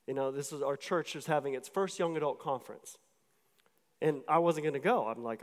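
A man's voice: fairly high pitch, lively intonation, brisk. A man giving a sermon as a personal testimony, telling his story casually with fillers and restarts. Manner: conversational storytelling with filler words and repeated restarts. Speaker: pastor. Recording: long hall reverb.

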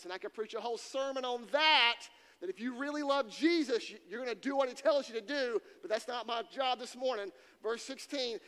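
A man's voice: high-pitched, brisk, a bit bright. A man preaching a sermon to students, emphatic and repeating key phrases for weight. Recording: long reverb in a hall.

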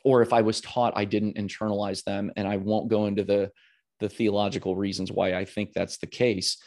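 A man's voice: lowish voice, little pitch movement, a little fast, a little mellow. A man hosting a podcast, talking candidly in a rambling, earnest way with many restarts. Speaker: podcast host.

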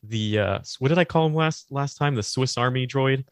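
A man's voice: medium pitch, normal speed, no room sound. A man co-hosting a casual podcast chat, rambling with many restarts. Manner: rambling, restarts often, laughs easily. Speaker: podcast co-host.

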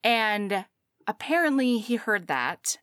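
A woman's voice: mid-range voice, sing-song, slow, a bit bright, no echo, studio quality. A woman co-hosting a casual chat, giggling as she retells a story with acted quotes. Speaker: podcast co-host.

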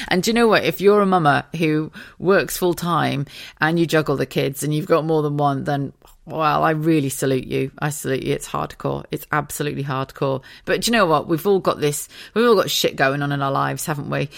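Tired, sweary woman, low voice. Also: vocal fry, no room sound, clean studio sound. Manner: frank, sweary, laughs often, self-mocking. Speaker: podcast host. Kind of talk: candid solo podcast monologue.

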